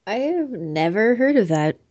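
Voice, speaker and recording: A woman co-hosting a casual chat, reacting to stories with quick sympathetic comments. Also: on the high side, sing-song, a little mellow, dry recording. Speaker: podcast co-host. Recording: dull, dry sound.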